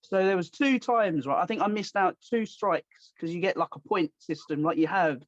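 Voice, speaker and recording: A man hosting a podcast, telling stories in a casual, animated way and acting out the voices of the people he quotes. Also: sits high, moderate pace, no room sound. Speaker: podcast host. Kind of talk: casual storytelling chat. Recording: dull lo-fi dry sound.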